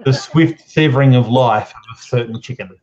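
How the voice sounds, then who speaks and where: A man's voice: medium pitch, normal speed, darkish tone. A man joking and laughing his way through a casual chat as a stream co-host. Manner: joking, goofy, laughs a lot. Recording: dull lo-fi stream audio.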